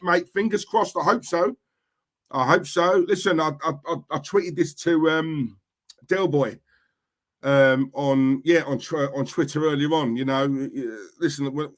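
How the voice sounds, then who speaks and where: A man's voice: on the high side, fairly bright tone. A young man with an East London Cockney accent, hosting a casual livestream and chatting as he reads out comments, blunt and repeating himself as he talks. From East London, England. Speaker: livestream host reading chat.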